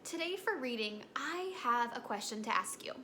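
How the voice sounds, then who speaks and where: A young woman teaching a recorded lesson to kindergartners in a gentle, encouraging storytelling way. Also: a little high, animated, moderate pace, background noise.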